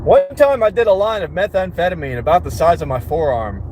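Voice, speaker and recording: Joking foul-mouthed guy rambling to his stream, pitch all over the place, loud cars behind. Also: lively intonation, fairly quick. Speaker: livestream host. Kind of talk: casual rambling chat to viewers. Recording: loud vehicle and street noise. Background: vehicle noise.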